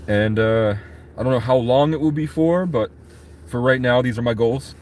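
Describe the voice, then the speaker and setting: A man rambles through a casual vlog, talking straight to his chat and swearing freely. He wanders from one thought to the next in an everyday mid-pitched voice. Faint noise hangs behind him. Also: moderate pace, darkish tone. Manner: rambling, profane, talks to chat. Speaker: vlogger.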